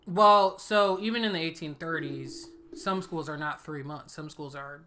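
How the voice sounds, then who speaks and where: A woman's voice: low voice, moderate pace, fairly bright tone, slight background noise. A woman hosting a reaction video, chatting casually and giving opinionated asides.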